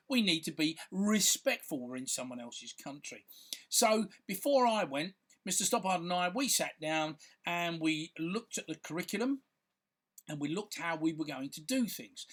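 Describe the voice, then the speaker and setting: A man's voice: fairly high pitch, fairly bright tone. A man, a filmmaker talking casually to camera in a rambling, chatty way, full of fillers and restarts. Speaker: filmmaker and content creator.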